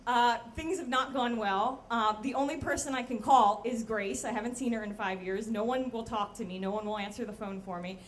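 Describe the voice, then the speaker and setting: Woman, young adult, high voice, live storyteller, animated, plays the quoted people. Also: fairly quick, hardly any pauses, a little hiss or hum.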